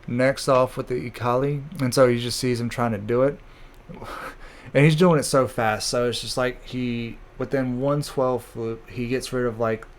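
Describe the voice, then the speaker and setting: A man's voice: medium pitch, steady tone, a little slow. A man casually recapping comic chapters in a rambling way, with many fillers and crude jokes. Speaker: channel host recapping manga.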